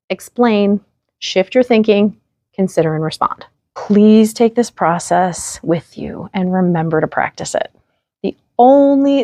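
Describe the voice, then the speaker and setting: A woman's voice: medium pitch, a little mellow, no echo. A woman hosting her own parenting vlog, talking straight to the viewer in an earnest, encouraging way. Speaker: parenting channel host. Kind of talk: direct-to-camera parenting advice vlog.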